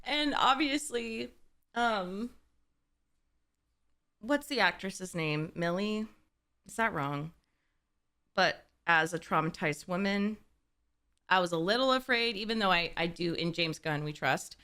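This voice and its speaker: Excitable young woman, bright voice. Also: mid-range voice, takes it slowly, pauses often. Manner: excitable, gasping and laughing, swearing. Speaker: reaction video host. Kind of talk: casual reaction commentary.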